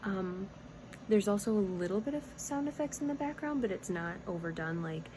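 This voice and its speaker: A woman's voice: mid-range voice, lively intonation, moderate pace, noisy background. A woman vlogging casually about knitting, rambling and giggly, often breaking off mid-sentence. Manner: rambling, giggly, self-interrupting. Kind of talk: casual chatty vlog.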